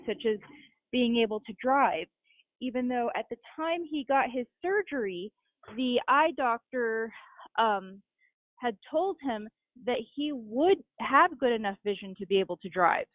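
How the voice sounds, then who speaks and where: A young woman speaks in a measured, matter-of-fact manner as an interview guest. Her voice sits fairly high. It comes through a narrow, phone-like line with no room sound at all. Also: no echo. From Utah. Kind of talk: interview answers.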